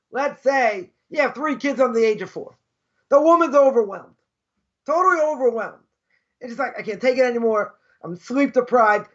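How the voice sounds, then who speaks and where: A man's voice: very high voice, fairly bright tone, lo-fi sound. A man teaching an informal religious class as a rabbi, telling stories in a chatty way and repeating phrases for emphasis. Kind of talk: informal Torah class with storytelling.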